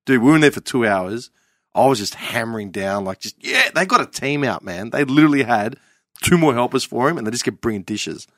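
A man's voice: medium pitch, expressive, brisk, fairly bright tone, no room sound, clean studio sound. A man in his thirties telling brash travel stories in casual chat, swearing heavily. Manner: brash storytelling, heavy swearing.

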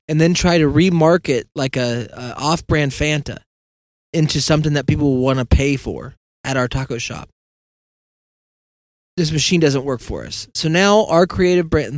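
A man with a slightly raised pitch hosts a casual podcast monologue. He meanders from thought to thought, pokes fun at himself and voices the other people in the story. The sound is close and dry, with no room echo. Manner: meandering, self-deprecating, acts out quoted dialogue. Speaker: podcast host.

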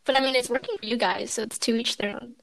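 A woman co-hosting a podcast over a video call, animated and quick to laugh. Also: fairly high pitch, gravelly, crowd noise. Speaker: podcast co-host. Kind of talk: casual chat.

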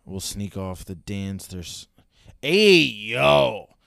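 A man's voice: on the low side, big pitch swings, drawn-out words, gravelly, a bit bright, no room sound. Young man, sarcastic, swears a lot, rambling, casual reaction talk, dry voice. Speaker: reaction video host.

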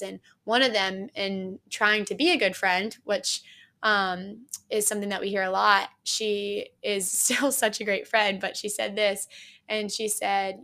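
A young woman tells her testimony in an earnest, halting way. She restarts sentences often. Her voice has a gravelly fry and stays flat in pitch. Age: young adult. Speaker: podcast guest. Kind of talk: personal testimony.

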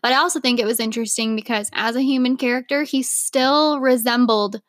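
A young woman co-hosting a podcast, chatting casually and laughing easily as she fills her talk with "like". Her voice sits fairly high, and the sound is dry and close with almost no room. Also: steady tone, fairly quick, no echo. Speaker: podcast co-host. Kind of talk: casual chat.

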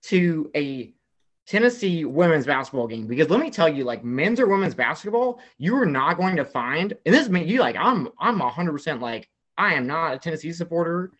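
A young man from the American South telling an excited story in casual chat, filling his talk with "like" and acting out what people said. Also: a little high, brisk, dull audio. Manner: excitable storyteller, heavy "like" filler, acts out quotes. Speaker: guest telling a travel story.

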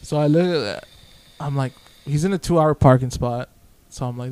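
As a podcast guest, a young man spins a long, casual story, swearing freely and voicing both people in the exchange, often quoting himself. He speaks at a moderate pace in a medium-pitched, smooth, warm voice.

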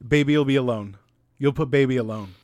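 A man's voice: mid-range voice, fast, a little mellow, no room sound. A man in his late twenties co-hosting a casual podcast, giddy and joking, swearing a lot. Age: 20s. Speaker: podcast co-host.

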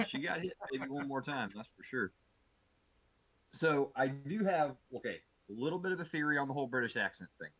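Bright-voiced man, profane and animated. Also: medium pitch, normal speed, slightly rough, no echo, rough recording. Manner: animated, profane, mock-outraged. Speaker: podcast co-host. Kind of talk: casual comedic chat.

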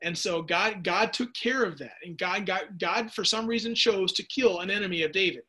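A man's voice: high voice, normal speed, pushed and bright, slightly rough. A man leading a casual Bible study lesson, chatty and joking, answering viewers' typed questions. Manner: chatty, jokey asides, restarts mid-sentence.

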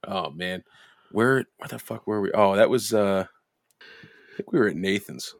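Low-voiced man telling profane bar stories. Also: a little slow, creaky, no room sound, studio quality. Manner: profane storytelling, lively quoted voices. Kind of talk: casual chat.

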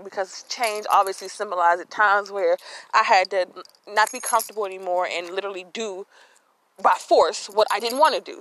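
A woman's voice: mid-range voice, a bit bright, rough recording. A woman hosting a faith podcast, talking outdoors into her phone, earnest and a little out of breath, often repeating words as she searches for them. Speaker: podcast host. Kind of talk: casual faith talk.

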